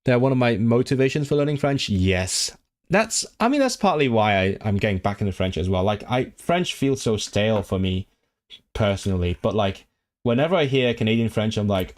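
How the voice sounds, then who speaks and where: A man's voice: lowish voice, animated, normal speed. Rambling man chatting on a livestream. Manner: rambling, frequent restarts and fillers, reads chat aloud; enthusiastic about languages. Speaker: language streamer. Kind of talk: casual livestream chat.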